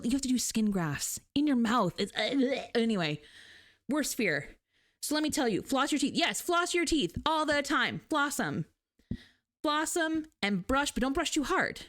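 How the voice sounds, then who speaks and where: A woman streamer in a chatty, animated casual talk, laughing often. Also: a little high. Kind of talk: casual chat.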